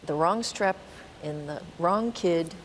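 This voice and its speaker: A woman researcher calmly explaining in an expert interview. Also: on the low side, slow pace, a little hiss or hum, poor audio. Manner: explanatory, calm.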